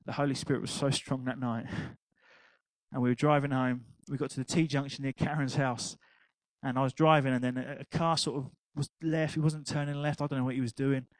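An older man preaching a sermon, telling an anecdote with laughter and animated asides. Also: mid-range voice, brisk, no room sound, poor audio. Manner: animated storytelling, laughing at his own anecdote.

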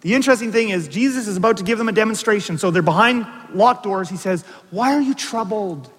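Speaking quickly in a high voice, this male pastor delivers a sermon full of animated stories, side remarks, and questions to the congregation, all trailing a long reverb.

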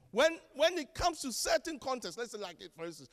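High-voiced preacher man in an echoey hall. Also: fairly quick, few pauses. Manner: animated, joking, acts out quoted voices. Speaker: pastor. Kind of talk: sermon. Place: church.

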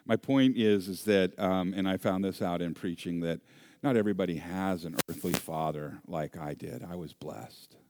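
Pastor, low voice, lively sermon storyteller, self-deprecating. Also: male voice, moderate pace, background noise.

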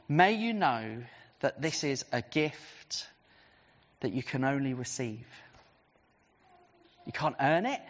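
A preacher giving an animated, story-driven sermon as a city chaplain. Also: medium pitch, slow pace, pauses often. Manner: animated, vivid storytelling with swings of pace. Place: church. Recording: dull recording with long church reverb.

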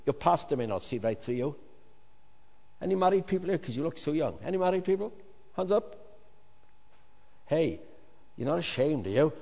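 Male pastor, fairly high voice, animated preaching in a big echoing hall. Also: normal speed, vocal fry, pauses often. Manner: animated, jokey asides, swings from loud to hushed. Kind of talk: sermon. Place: large hall with congregation. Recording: long reverb of a large hall.

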